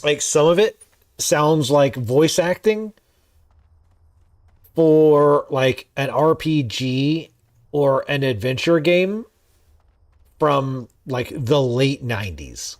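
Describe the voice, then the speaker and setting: A man streaming a game, chatting in a rambling, easygoing way with quick asides. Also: fairly high pitch, animated, no echo, clean studio sound. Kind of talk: casual gameplay commentary.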